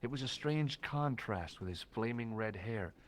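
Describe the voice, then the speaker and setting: An actor playing a wry, dry-humored American tourist hero who also narrates the game. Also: male voice, mid-range voice, animated, moderate pace, a little hiss or hum, lightly acted.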